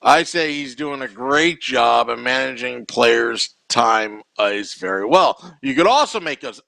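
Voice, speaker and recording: A man's voice: mid-range voice, animated, measured pace, gravelly, bright, forceful tone, dry recording. A man hosting a podcast alone, chatting casually and rambling with many fillers. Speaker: podcast host. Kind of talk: casual solo podcast talk.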